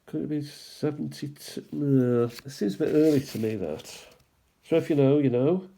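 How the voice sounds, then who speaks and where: A man hosting a stamp collecting channel, musing aloud in an unhurried way as he shows stamps one by one, with small asides. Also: on the high side, gravelly, warm tone, a little hiss or hum. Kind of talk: casual show-and-tell commentary.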